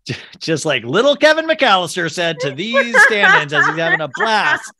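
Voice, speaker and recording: A man's voice: very high-pitched, huge pitch swings, normal speed, very noisy. A man hosting a podcast, telling rambling self-mocking stories in casual chat and laughing as he goes. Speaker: podcast host.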